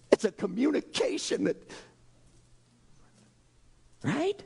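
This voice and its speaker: Pastor guy preaching, fairly high voice that jumps all over, gets loud then goes quiet. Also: normal speed. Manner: animated, exclaiming, swings between loud and soft. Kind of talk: sermon.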